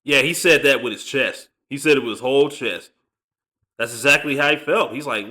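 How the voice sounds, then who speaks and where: A man's voice: mid-range voice, a little fast, bright, forceful tone. A man hosting a reaction channel, commenting on clips in a laid-back, slangy way.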